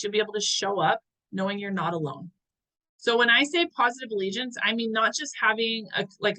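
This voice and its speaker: A woman's voice: medium pitch, a bit bright, poor audio. A woman in her thirties giving a motivational talk as a wellness coach, earnest and chatty, sometimes searching for words.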